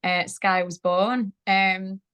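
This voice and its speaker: Brief: woman, thirties, conversational guest, animated storyteller, frequent laughter, mid pitch. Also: slow pace, clean tone. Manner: chatty, laughs often, animated retelling. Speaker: guest sharing birth story.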